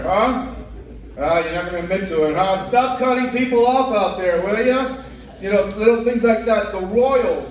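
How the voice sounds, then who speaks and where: A man's voice: high voice, a little mellow. Middle-aged man doing wry stand-up. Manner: wry, rhetorical, asks the crowd. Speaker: stand-up comedian. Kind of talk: stand-up comedy. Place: comedy club stage. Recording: echoey club from far off.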